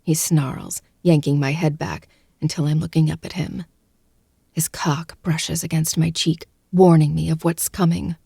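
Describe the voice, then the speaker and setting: A woman narrating a first-person audiobook close to the mic, in a hushed, breathy, intimate delivery that often drops to a whisper. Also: low-pitched, little pitch movement, unhurried, no echo.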